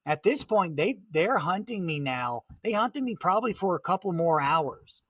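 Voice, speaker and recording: A man talking through a dramatic survival story in conversation, halting and full of fillers. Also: sits high, lively intonation, a bit bright, breathy edge, no echo, clean studio sound. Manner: vivid, halting retelling with many "like" fillers. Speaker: guest, motivational speaker.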